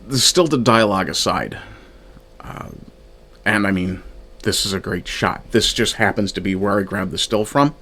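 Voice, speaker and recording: A man with a lowish, bright, forceful voice reviews a fan film at a moderate pace, reading from his own notes. He's a media reviewer thinking aloud in a casual way, with lots of fillers and restarts.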